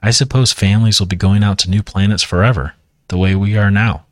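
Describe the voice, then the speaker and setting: A man voicing a wistful mother of small children in a quiet, hushed reading voice. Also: on the low side, fairly even intonation, brisk, no room sound, studio quality, close to an everyday voice. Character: worried future mother of young kids.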